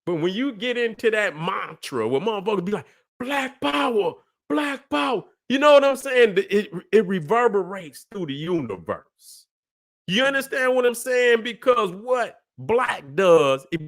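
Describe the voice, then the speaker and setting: A livestream host whose voice sits high and fairly bright lectures in a preachy way. Profane and emphatic, he keeps checking on his listeners with "you see what I'm saying."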